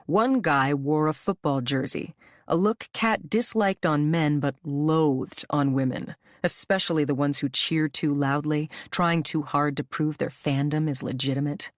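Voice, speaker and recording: A woman with a deep voice narrates a thriller audiobook from a script, using a measured, wry storytelling style. The recording is dry and sounds like a clean studio.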